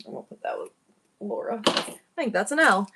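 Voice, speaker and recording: A middle-aged woman from upstate New York, chatting quickly and warmly with viewers while running a live online jewelry sale. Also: mid-range voice, animated, noisy background. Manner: fast-talking, chatty. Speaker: online auction seller. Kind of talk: live-stream selling chat.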